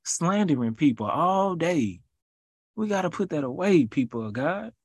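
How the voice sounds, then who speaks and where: A man's voice: on the high side, very animated, normal speed, dry recording, clean studio sound. A man preaching informally, driving points home with rhythmic repetition and casual slang.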